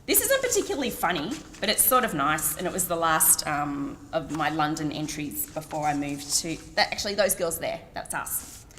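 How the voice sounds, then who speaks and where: Reading from her blog at a book event, this middle-aged Australian author has a deep, fairly bright voice at normal speed. Her tone is wry and self-deprecating with laughs between phrases, heard through a long hall reverb and slight background noise.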